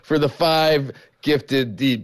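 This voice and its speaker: A man's voice: mid-range voice, slow. Laid-back man reading out donations. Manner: reads names and donations in a plain, laid-back way, laughs often. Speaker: co-host reading viewer gifts. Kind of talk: casual live-stream banter.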